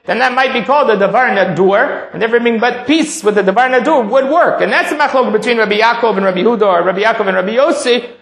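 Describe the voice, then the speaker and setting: A man's voice: extremely high pitch, quick pace, gravelly, hardly any pauses, fairly bright tone. A man teaching a text-study class, reading a passage aloud and then explaining it step by step. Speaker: Talmud teacher. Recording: echoey room.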